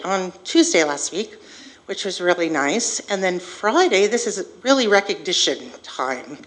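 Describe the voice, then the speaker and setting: A woman's voice: mid-range voice, a bit bright, poor audio. Chatty woman giving a union report. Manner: chatty and upbeat, with frequent fillers. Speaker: employee union chapter representative. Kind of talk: informal board meeting report.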